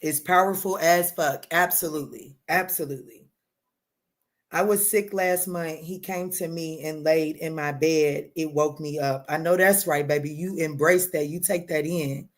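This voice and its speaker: A woman giving a live tarot reading, talking straight to her viewers in an animated, emphatic way, using pet names and casual swearing. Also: low-pitched, normal speed, few pauses. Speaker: tarot reader answering live chat.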